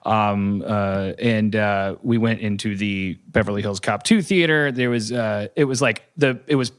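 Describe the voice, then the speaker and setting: A man in his forties hosting a podcast, telling a comic story in a rambling, animated way and swearing often. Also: measured pace, clean tone. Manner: rambling, animated, swears a lot, jumps into high voices when quoting. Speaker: podcast host. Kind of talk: casual comedic storytelling.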